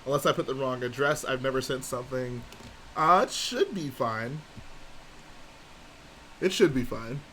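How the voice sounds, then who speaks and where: A man's voice: mid-range voice, lively intonation, a little slow, long pauses, pushed and bright, slight background noise. A man hosting a casual live stream, chatting and reading viewer comments aloud and answering them. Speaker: livestream host.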